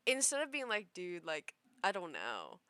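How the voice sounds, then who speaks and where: A young woman streamer telling a story to her live chat in a rambling, animated way, full of "like" and restarts. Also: on the low side, moderate pace, dry recording. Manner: rambling, animated, heavy use of "like".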